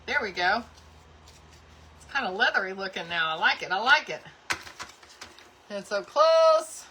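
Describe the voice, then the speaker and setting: A woman's voice: mid-range voice, expressive, measured pace, sharp tone, slight background noise. A woman hosting a live crafting tutorial, chatting cheerfully with viewers while she works. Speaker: craft channel host.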